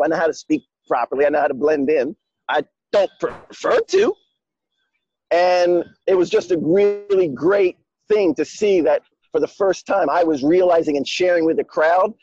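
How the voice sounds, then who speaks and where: A man's voice: high voice, a little mellow, breathy edge, dry recording, lo-fi sound. A man telling a story in a loose, heavily profane, emphatic way. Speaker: guest speaker. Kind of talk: casual conversation.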